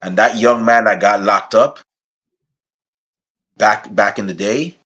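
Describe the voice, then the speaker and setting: A man from Guyana hosting an interview podcast, chatting casually and getting animated as he jokes around. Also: lowish voice, takes it slowly, lo-fi sound. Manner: animated, laughing while putting on a playful accent. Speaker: podcast host.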